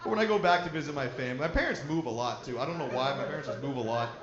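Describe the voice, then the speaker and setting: A man's voice: mid-range voice, racing, highs cut off, noisy background. Profane storytelling stand-up man, roomy hall. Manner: profane, storytelling, chatty with the crowd. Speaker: stand-up comedian. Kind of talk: stand-up comedy set. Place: live comedy venue.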